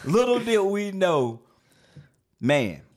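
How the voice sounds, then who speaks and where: A man's voice: high-pitched, sing-song, slow pace, very noisy. Guy hosting a podcast, slangy, joking around, voice bouncing all over. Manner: joking, teasing, loose slangy talk. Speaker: podcast host. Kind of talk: casual chat.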